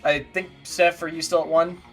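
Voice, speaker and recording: A woman's voice: low-pitched, little pitch movement, moderate pace, faint music behind. A woman player giving dry, wry commentary during a casual let's play.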